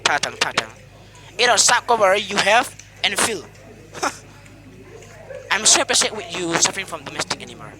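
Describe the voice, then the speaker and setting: A man with a high, bouncing voice teases his friends like a sports announcer at an eating contest, repeating names and laughing between calls. The recording is noisy, with clear background sound under his voice. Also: very animated, normal speed, long pauses. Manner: teasing, repetitive, laughing often. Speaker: host commentating a mukbang contest. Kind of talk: playful mock sports commentary.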